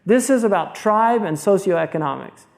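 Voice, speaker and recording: A man's voice: sits high, animated, normal speed, vocal fry. An American man giving an informal religious lecture, talking bluntly and conversationally with many restarts and asides. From United States. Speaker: Islamic scholar lecturing.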